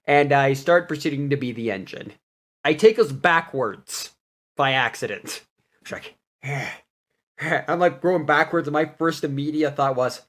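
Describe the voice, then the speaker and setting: A young man casually retelling a tabletop game session, animated and laughing as he goes. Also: on the high side, normal speed. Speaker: player recapping a campaign. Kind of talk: casual storytelling recap.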